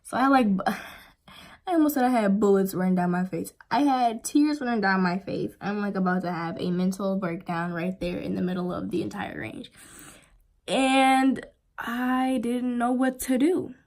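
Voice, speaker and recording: A woman's voice: mid-range voice, moderate pace. A young woman vlogger telling a story in a casual, rambling way, full of fillers. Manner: rambling, filler-heavy, animated retelling.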